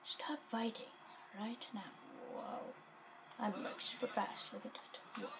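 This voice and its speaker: A woman giving casual gameplay commentary, excitable and jokey, muttering and whispering to herself. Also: fairly high pitch, slow pace, background noise.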